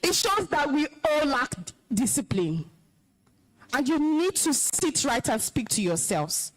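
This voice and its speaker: A young woman with a Nigerian accent addresses a room of students, her voice high and swinging widely as she scolds them sternly. She gives orders, then turns emotional and commanding when she speaks about respect for teachers. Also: big pitch swings, a little slow. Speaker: alumna speaker at school event.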